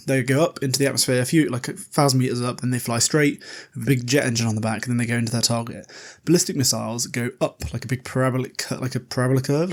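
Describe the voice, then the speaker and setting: A young man hosting a casual podcast, recapping a book chapter in a rambling, chatty way with lots of filler words and self-deprecating asides. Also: medium pitch. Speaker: podcast host.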